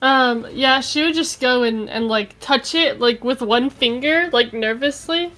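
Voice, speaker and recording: High-voiced woman playing a tabletop game. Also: slow pace, fairly bright tone, faint music behind. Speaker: player. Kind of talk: tabletop role-play.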